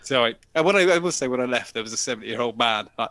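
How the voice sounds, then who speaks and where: A man's voice: medium pitch, lively intonation, a little fast, bright, forceful tone, no room sound. Sweary British man telling a story. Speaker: host. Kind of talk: casual banter and reading news.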